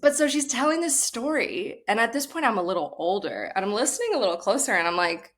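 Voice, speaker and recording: A young woman comedian telling a family story on a podcast, animated, with frequent laughs and filler words. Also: fairly high pitch, fast. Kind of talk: casual storytelling chat.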